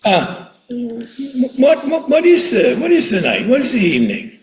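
A man preaching a sermon, reading scripture slowly and with emphasis and putting questions to his listeners. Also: very high-pitched, wildly swooping pitch, echoey room, highs cut off. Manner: slow and emphatic, drawing out quoted verses, asking questions.

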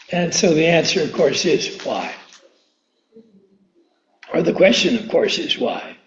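Preaching a sermon slowly and deliberately, a high-voiced man is very animated, stretching out each quoted verse for emphasis and repeatedly questioning his listeners. The audio is roomy and a little dull, with a bit of hiss or hum.

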